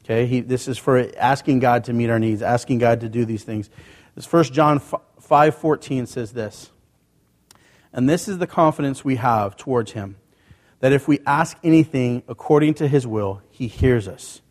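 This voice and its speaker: A man's voice: medium pitch, normal speed, darkish tone, in a large hall. A male pastor preaching a sermon in a church, talking to the congregation in a conversational way with rhetorical questions. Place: church sanctuary.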